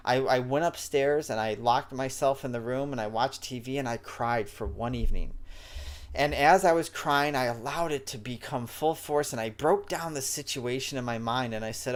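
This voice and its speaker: A man's voice: mid-range voice, moderate pace. Male host, mid-range voice, loose unscripted spiritual teaching. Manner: rambling, with frequent restarts and fillers. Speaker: spiritual talk show host. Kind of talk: casual spoken teaching.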